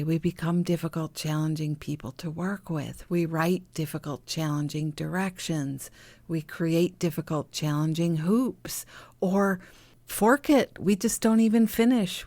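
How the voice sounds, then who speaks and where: A middle-aged woman speaks slowly and gently in a low voice, coaching listeners through healing. She sounds soothing and encouraging and now and then drops to a soft whisper. The recording is dry and close. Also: dry recording. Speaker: podcast host, healing coach. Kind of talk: reflective spiritual talk.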